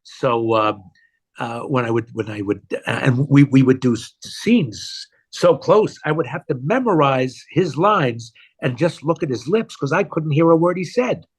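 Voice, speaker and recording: A man, an actor, talking about his work in a conversational interview, animated and self-deprecating. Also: medium pitch, unhurried, slightly rough. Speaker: actor guest.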